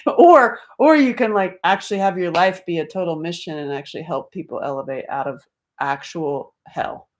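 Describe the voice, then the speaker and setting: A woman's voice: fairly low pitch, animated, normal speed. A middle-aged woman hosting a casual livestream, talking animatedly, swearing freely and reading out viewer comments. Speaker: livestream host.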